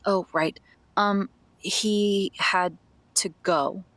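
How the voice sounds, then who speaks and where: A woman's voice: mid-range voice, drawn-out words, fairly bright tone, dry recording. A woman voicing a shy, tomboyish teenage kid who stammers and hesitates. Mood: evasive.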